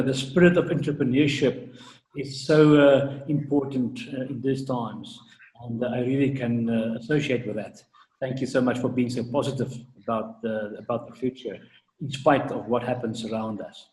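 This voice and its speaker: A man's voice: medium pitch, steady tone, normal speed, a little mellow. A man hosting a business interview show, upbeat and full of hesitant fillers. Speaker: show host, business coach. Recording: roomy echo.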